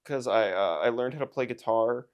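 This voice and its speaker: A man's voice: medium pitch, moderate pace. A man in his twenties, talking to camera in a rambling, self-mocking, jokey vlog rant. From United States. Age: 20s. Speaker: YouTuber and streamer.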